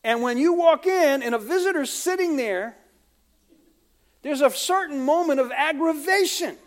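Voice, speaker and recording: A man from the United States, a pastor preaching a conversational sermon full of asides and acted-out quotes. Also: very high-pitched.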